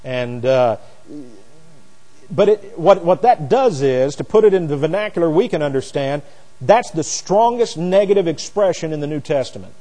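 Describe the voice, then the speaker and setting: A man teaching a sermon verse by verse, booming on key phrases and dropping low for asides and stories. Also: expressive, normal speed. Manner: swings from loud emphatic preaching to quiet asides; explains Greek words, tells anecdotes. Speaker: preacher. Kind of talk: expository Bible teaching. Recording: long hall reverb.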